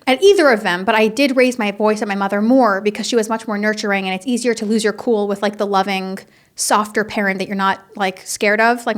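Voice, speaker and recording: A young woman speaks at home in a fairly high voice, sharing a casual religious talk. She talks with animated emphasis, circling back with repeated phrases and quick self-corrections. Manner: animated and emphatic, with many restarts and "like"s. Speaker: Jewish teacher giving a weekly Torah talk. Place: at home with kitchen machines running.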